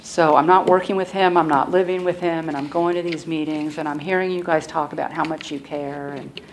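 Low-voiced woman telling her recovery story. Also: steady tone. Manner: soft-spoken, halting storytelling with frequent restarts. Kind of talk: personal recovery testimony. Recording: clear background noise and clicks.

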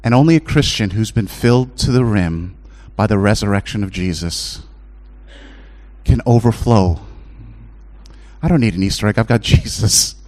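A middle-aged man preaching a sermon as a chaplain, shifting between impassioned high-pitched pleading and low, hushed storytelling. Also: normal speed.

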